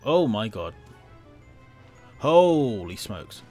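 Man, casual gameplay commentary, jittery, chatty, self-mocking, lowish voice, faint game music. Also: sing-song, extremely slow, darkish tone. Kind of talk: casual let's-play commentary.

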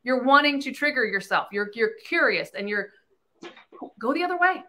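Blunt, swearing woman with a bright voice. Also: on the high side, normal speed. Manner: blunt, profane, animated storytelling. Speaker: podcast host. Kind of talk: candid casual talk.

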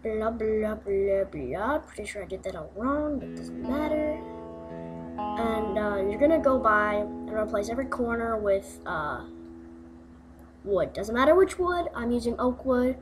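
Young woman, slightly high voice, slow and rambling, casual game tutorial voice-over over guitar music. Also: lively intonation. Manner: rambling, goofy asides, uh fillers. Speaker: gaming video maker.

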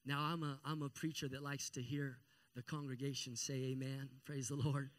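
A male pastor delivering a church sermon at a middle pitch. He repeats key phrases for emphasis and calls on the congregation to say amen. His delivery grows louder and more passionate as he goes. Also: level tone, moderate pace.

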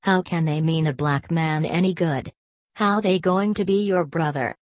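A woman's voice: deep voice, normal speed, no echo, natural voice. A woman reading the lines of a stocky, fiery male street agitator who rants and pleads in clipped dialect. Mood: raging, pleading. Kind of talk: audiobook character voice.

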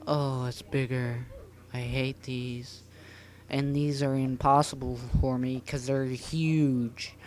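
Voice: mid-range voice, level tone, slow, darkish tone. A gamer chatting through an obstacle course on a phone setup, rambling and poking fun at themself. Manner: rambling, self-mocking, breaks into improvised sung lines. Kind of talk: casual gameplay commentary.

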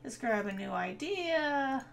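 A woman's voice: high-pitched, expressive, slow pace, gravelly, crowd noise. A woman giving casual gameplay commentary, chatting to her viewers and scolding the game characters. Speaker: gaming video creator.

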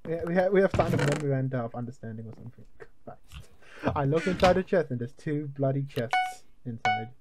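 A man playing a video game with friends, talking in an excitable, joking way and yelping when things go wrong. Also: medium pitch, a little fast, heavy background noise. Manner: excitable, jokey, yelps when plans go wrong. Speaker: gamer. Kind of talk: casual gaming chat.

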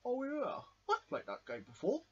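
A man's voice: very high voice, wildly swooping pitch, moderate pace, darkish tone, highs cut off, voice pushed up, full character voice. A man voicing a polite, easily scared male toy bear in a homemade toy show, whiny and pleading.

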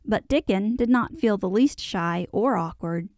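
A woman narrating a classic children's novel in a measured, expressive storytelling voice. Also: medium pitch, no echo, studio quality. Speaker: audiobook narrator. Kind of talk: scripted audiobook narration.

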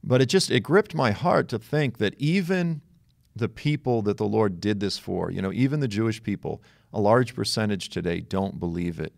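Gravelly low-voiced man hosting an interview. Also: moderate pace, no room sound, studio quality. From South Boston. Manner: animated storyteller, acts out quoted voices. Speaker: interview host. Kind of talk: casual conversational interview.

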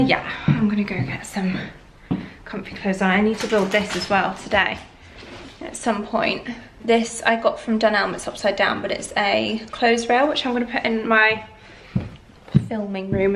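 A woman's voice: fairly high pitch, a bit bright, slight background noise. A young woman chatting casually in a home vlog, rambling and going off on tangents. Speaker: lifestyle vlogger. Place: at home, indoors.

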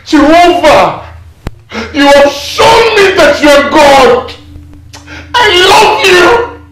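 An actress with a Nigerian accent playing a greedy young woman who finds her father's hidden money, swinging from hushed whispers to loud exclamations. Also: on the low side, huge pitch swings, a little slow, very noisy. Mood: ecstatic. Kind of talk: film drama. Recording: echoey room with music behind.

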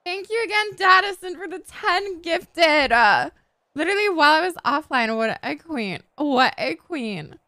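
A woman in her twenties chatting casually on a live game stream, excitable and swearing freely. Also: sits high, a little slow. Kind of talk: casual live-stream chat while role-playing a game.

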